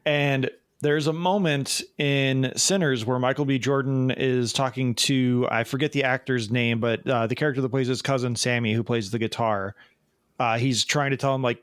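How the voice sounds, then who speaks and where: A man co-hosting a podcast in casual chat, talking in an animated, rambling way with plenty of fillers. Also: medium pitch, normal speed, smooth, no echo, studio quality. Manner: animated, chatty, frequent fillers. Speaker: podcast co-host.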